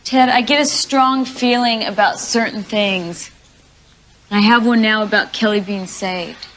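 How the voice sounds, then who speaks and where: An actress playing a young woman who speaks in a gentle, reassuring way. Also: medium pitch, measured pace, slight background noise, natural voice, poor audio. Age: young adult.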